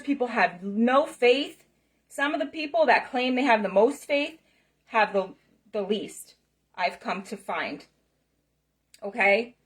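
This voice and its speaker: A spiritual self-help speaker, middle-aged and female, addresses the camera with an emphatic motivational talk. Passionate and repetitive, she keeps checking in with "okay?" and "right?", and her voice is on the high side.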